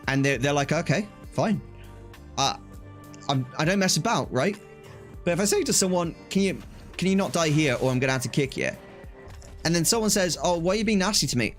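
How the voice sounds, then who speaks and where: A young man with a voice on the high side chats casually on a live stream, telling animated stories, acting out quoted exchanges and laughing often.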